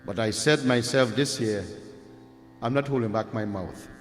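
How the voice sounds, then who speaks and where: A man's voice: medium pitch, moderate pace. A man preaching a devotional story, often turning to his listeners with conversational asides. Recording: echoey hall with faint music.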